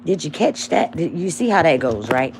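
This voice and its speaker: A young woman hosting a casual livestream, talking bluntly and profanely as she calls out a rival, swinging between loud mocking lines and low murmurs. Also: very animated, moderate pace, creaky, soft background music. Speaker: livestream host.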